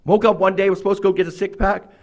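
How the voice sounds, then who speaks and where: A man with a fairly high voice stands up at a recovery meeting and tells his own story. He is wry and self-mocking, laughing often as he talks in a meeting room. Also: little pitch movement, rapid-fire. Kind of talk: humorous personal recovery story.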